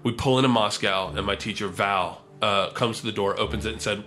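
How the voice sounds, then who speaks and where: A man telling a wild comedy story, animated and profane, acting out the quotes. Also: on the low side, fast, few pauses, soft background music.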